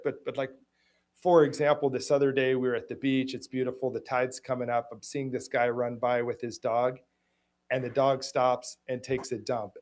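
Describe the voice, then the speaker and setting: A middle-aged man hosting a personal conversation, speaking haltingly with many restarts. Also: medium pitch. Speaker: host.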